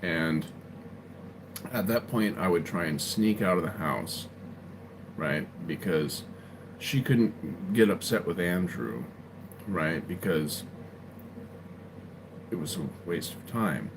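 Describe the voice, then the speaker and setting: Livestreaming from indoors at home, a man tells a rambling personal story to his chat, often tagging lines with "right?". His deep voice is expressive and slow, with long pauses, over a noisy background.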